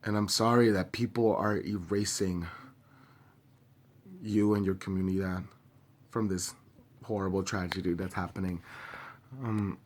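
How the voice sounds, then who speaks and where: A young man speaking straight to camera in a personal video, grieving and angry, impassioned and halting with many pauses, swearing openly. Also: deep voice, steady tone. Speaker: vlogger.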